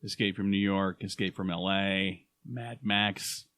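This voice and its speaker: A man co-hosting a travel podcast, joking and animated in casual chat. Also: low-pitched, unhurried. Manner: joking, animated, trails off mid-sentence. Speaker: podcast co-host.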